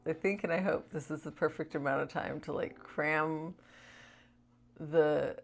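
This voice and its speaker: A woman's voice: sits low, steady tone, measured pace, gravelly. A woman vlogger chatting casually to camera in a rambling way, with lots of "like" fillers.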